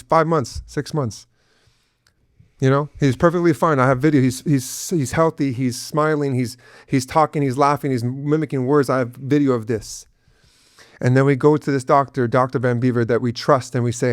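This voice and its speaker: A man's voice: mid-range voice, normal speed, no echo, studio quality. Earnest, emotional father telling his story. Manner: earnest, intense, many restarts and fillers. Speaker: guest, father of an autistic son. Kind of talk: emotional personal interview.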